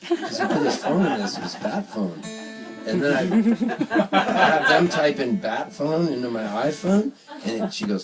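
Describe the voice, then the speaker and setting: Man telling a live story, animated swinging pitch, low-ish voice, distant mic, faint room noise. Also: a little fast, music in the background. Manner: animated, laughing, self-mocking. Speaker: singer-songwriter telling a story on stage. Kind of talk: live storytelling between songs. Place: small live venue.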